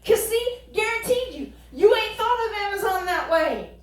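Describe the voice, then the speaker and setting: High-voiced woman pastor, echoey. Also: expressive, moderate pace. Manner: folksy, joking, rhetorical questions. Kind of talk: conversational sermon. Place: church sanctuary. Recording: echoey church hall, distant mic.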